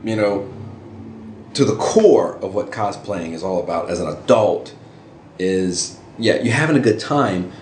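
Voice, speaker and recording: A middle-aged man casually telling stories as an interview guest, with animated jumps into high voices for quoted reactions. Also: a little slow. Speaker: interview guest, costume hobbyist. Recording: roomy with faint ambient noise.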